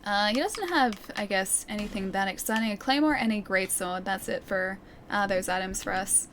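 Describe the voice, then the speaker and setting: A woman's voice: medium pitch, normal speed, fairly bright tone, slight background noise. A young Australian woman chatting casually while playing a game, reading chat and laughing often. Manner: chatty, giggly, reads chat aloud. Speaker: streamer. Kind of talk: casual gameplay commentary.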